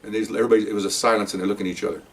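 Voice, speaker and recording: Older ex-detective, fast and heated storyteller, slightly distant mic. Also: male voice, fairly low pitch. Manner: heated, animated, acts out quoted lines. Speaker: retired narcotics detective. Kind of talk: personal storytelling.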